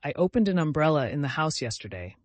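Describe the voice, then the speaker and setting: A man's voice: mid-range voice, sing-song, moderate pace, dark tone, dry recording. A man voicing a prim, superstitious older woman cousin in an audiobook, soothing in tone.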